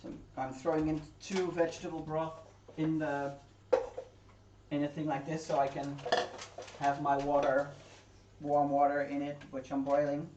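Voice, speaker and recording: A woman chats easily as she cooks, reading out viewer messages and laughing along. Her voice comes from across a kitchen, sounding distant and roomy. Pots, dishes and drawers clatter clearly behind her. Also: low-pitched, flat delivery, unhurried, pauses often, lo-fi sound, noisy background. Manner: chatty, reads chat aloud, laughs easily. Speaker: livestream co-host. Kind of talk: casual chat while cooking. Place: home kitchen. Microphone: distant room mic. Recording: echoey kitchen from far off, clattering pans.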